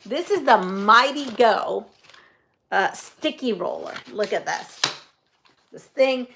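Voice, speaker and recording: A woman with a fairly high voice talks through a casual show-and-tell. She rambles happily and giggles often, like a quilting host chatting with her viewers. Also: expressive, slow, fairly bright tone, a little hiss or hum. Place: home sewing room.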